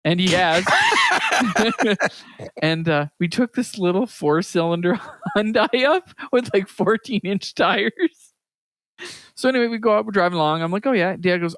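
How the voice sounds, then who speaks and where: A Canadian man co-hosting a podcast tells a story in casual chat, animated and laughing often as he acts out what others said. His voice is high-pitched and unhurried, with long pauses and no room sound.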